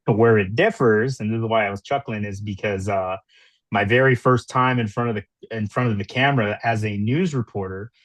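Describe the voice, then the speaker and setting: A man's voice: fairly low pitch, moderate pace, no room sound. A man telling stories as a podcast guest, laughing easily and filling his talk with ums. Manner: storytelling, laughs easily, many fillers. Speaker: guest, wrestler and former news reporter. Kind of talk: casual interview chat.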